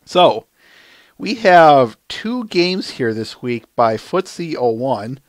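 A man hosting a podcast in an easygoing, soft-spoken way, keeping his replies brief. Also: medium pitch, big pitch swings, slow pace, no echo. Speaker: podcast host.

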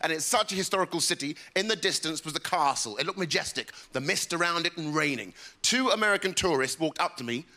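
A man doing an animated stand-up comedy routine on a theatre stage. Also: fast, few pauses. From England. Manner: animated, jumps into high voices for characters. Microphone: stage mic. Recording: live theatre with loud crowd. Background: loud laughing audience.

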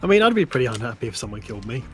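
A man's voice: medium pitch, sing-song, racing, soft background music. A man commentating on a speedrun race, trading dry, teasing remarks with the runners. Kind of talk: casual commentary.

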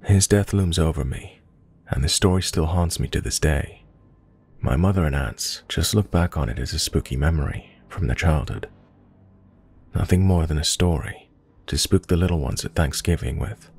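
Deep husky male horror narrator. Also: moderate pace, a little mellow. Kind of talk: scripted narration of a true scary story.

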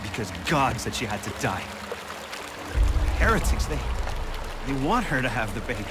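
Guy voicing tense horror game hero looking for his wife, low mutters, loud music under it. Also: sing-song, moderate pace, close to an everyday voice. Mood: grim. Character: grim adult male protagonist searching for his wife. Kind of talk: video game voice acting.

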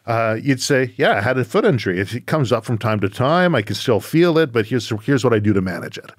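A man hosting a podcast interview, reflecting in a measured way and thinking aloud. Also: medium pitch, expressive, no echo, clean studio sound. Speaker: podcast host. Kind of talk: conversational interview.

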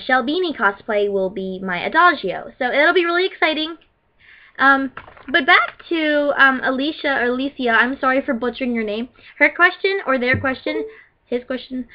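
A woman cosplayer chatting in a casual vlog, gushing and rambling with many fillers. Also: a little high. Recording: muffled lo-fi recording.

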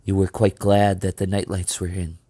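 A man reading a children's novel aloud as storyteller, steady and measured. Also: deep voice, no echo.

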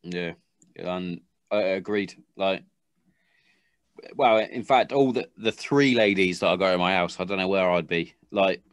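Frank-talking man, low voice, dry sound. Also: a little slow, no echo. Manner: frank, swears freely, many restarts. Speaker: podcast host. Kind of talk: casual chat. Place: garden shed.

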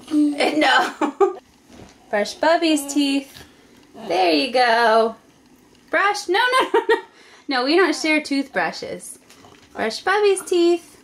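A mother at home talking to her little children, giggly and gently coaxing. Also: high-pitched, animated, very slow, creaky, pauses often, a little hiss or hum. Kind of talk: casual family vlog chat. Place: family home.

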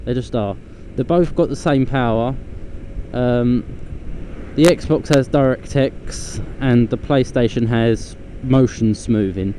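A man's voice: medium pitch, takes it slowly. A man rambling bluntly and swearing casually as he vlogs while riding a scooter outdoors. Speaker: vlogger. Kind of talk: casual rambling vlog chat. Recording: loud traffic and engine noise.

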